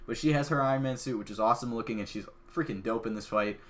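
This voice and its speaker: A man hosting a podcast, excitedly retelling a film in a casual, chatty way full of "like" fillers. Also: mid-range voice, quick pace. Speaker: podcast host. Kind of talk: casual movie recap.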